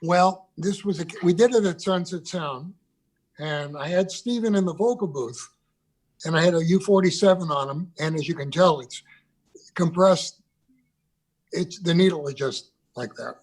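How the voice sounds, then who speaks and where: A man's voice: fairly high pitch, moderate pace, slightly rough. An older man, a guest on a video call interview, reminiscing about recording sessions with loose restarts. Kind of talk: conversational interview.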